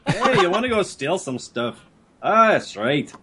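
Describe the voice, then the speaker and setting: A man's voice: high voice, big pitch swings, measured pace, bright, forceful tone, breathy edge, voice pushed up, exaggerated voice. A man putting on a breezy Scottish thief. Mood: breezy coaxing. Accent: put-on Scottish. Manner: breezy, coaxing, jokey. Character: cheerful Scottish male thief recruiter.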